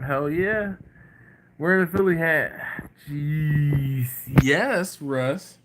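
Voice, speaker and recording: A man's voice: mid-range voice, slight background noise. A man hosting a barbecue live stream, chatting casually, reading viewer comments and joking with them by name. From lives in Baltimore area, not from there. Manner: animated, jokey, greets viewers by name.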